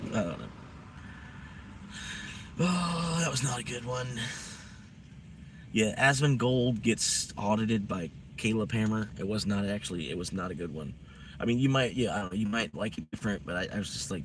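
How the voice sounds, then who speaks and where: A man's voice: fairly low pitch, normal speed, pauses often, a bit bright, slight background noise. A man chatting casually on a live stream, rambling in a laid-back way.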